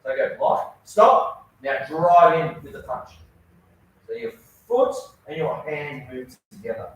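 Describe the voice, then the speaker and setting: Male karate coach, upbeat and encouraging with students; higher voice, distant mic in a booming echoey training hall. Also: animated, slow pace, highs cut off. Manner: encouraging, praising students often. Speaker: karate instructor. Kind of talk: coaching a children's class.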